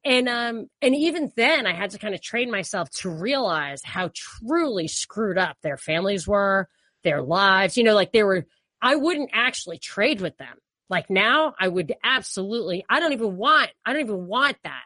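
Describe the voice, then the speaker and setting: A woman co-hosting a casual political chat, talking in a chatty way with laughing asides and quick restarts. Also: mid-range voice, animated, sharp tone, no room sound. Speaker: co-host.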